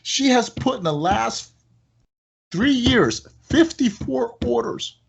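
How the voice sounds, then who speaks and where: Slow and creaky with a husky grain, this man's voice comes through on a lo-fi recording. He's a guest on a podcast who owns a product company, chatting casually and telling energetic stories. An animated storyteller, his pitch climbs high whenever he gets excited.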